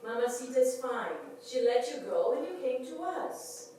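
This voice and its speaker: An actress playing a patient, gentle caretaker who speaks slowly and soothingly in a stage play. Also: female voice, sits high, lively intonation, slight background noise. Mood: reassuring. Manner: slow, soothing, calls people honey. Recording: echoey stage from far off.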